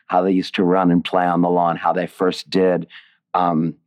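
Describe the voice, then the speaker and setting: Deep-voiced man, reflective and rambling. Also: monotone, normal speed, darkish tone. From Indiana, USA. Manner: reflective and digressive, with many restarts. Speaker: playwright and author being interviewed. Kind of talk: casual interview conversation.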